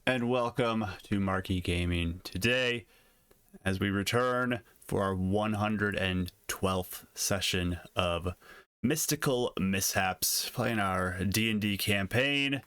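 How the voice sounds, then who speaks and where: A man hosting a tabletop game stream, welcoming the audience in an unhurried way. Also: lowish voice, fairly bright tone, clear, resonant tone, dry recording. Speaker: host. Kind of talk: casual show intro.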